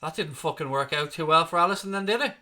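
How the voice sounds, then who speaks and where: A man on the high side of pitch, talking at a quick pace with a sharp tone, hosts a football fan channel's live watchalong. He gives blunt reactions to the match and swears freely while talking viewers through it.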